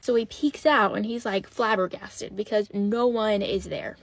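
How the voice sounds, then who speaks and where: A woman chattily telling ghost stories about her old house in a lively, conversational way. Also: mid-range voice, measured pace, no room sound. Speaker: storyteller. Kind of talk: casual storytime.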